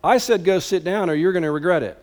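Stern scolding mom, a man voicing her, repeats orders, fairly high voice. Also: fast, darkish tone, lightly acted. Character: exasperated mother scolding her son.

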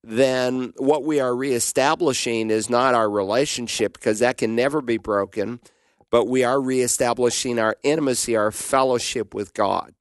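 A man's voice: medium pitch, steady tone, moderate pace, no echo, studio quality. A man teaching the Bible on a radio call-in show, answering questions in an emphatic, preaching manner.

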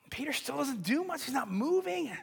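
High-voiced man preaching in a reverberant hall. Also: very animated, fairly quick, creaky. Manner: dramatic storytelling, acting out voices, building to shouts. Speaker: pastor. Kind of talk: sermon.

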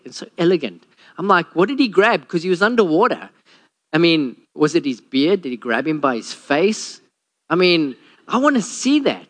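Male pastor, sermon delivery, slightly high voice, animated storyteller. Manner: storytelling, acts out quotes with a lowered voice.

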